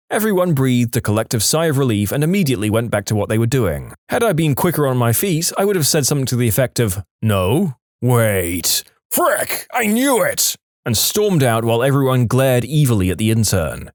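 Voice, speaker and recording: A man reads out short funny stories as a scripted narration, with an animated, swinging delivery. The recording is dry and close, with no room sound. He drops briefly into comic voices for quoted lines. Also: mid-range voice, quick pace, few pauses, no room sound.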